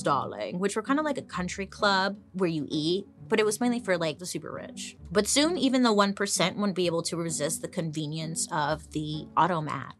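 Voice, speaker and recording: A young adult woman hosting a storytelling podcast, chatty and playful, with jokey asides and sudden jumps up in pitch. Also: pushed and bright. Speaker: podcast host.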